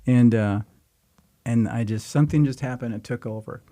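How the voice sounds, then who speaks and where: Older man with a gravelly, dark voice. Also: medium pitch, moderate pace, no room sound. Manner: rambling, folksy storyteller with crude jokes. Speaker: guest actor. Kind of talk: casual anecdotal storytelling.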